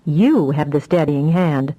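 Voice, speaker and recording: A woman voicing a patient male telepath mentor who speaks in a soft drawl. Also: low-pitched, a little slow, dull audio. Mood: teasing. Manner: soft drawl, calm and teasing.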